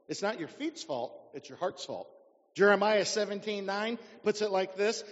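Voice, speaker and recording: A man preaching a sermon as pastor, putting rhetorical questions to his congregation. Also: high-pitched. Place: church sanctuary. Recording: dull sound in a reverberant church hall.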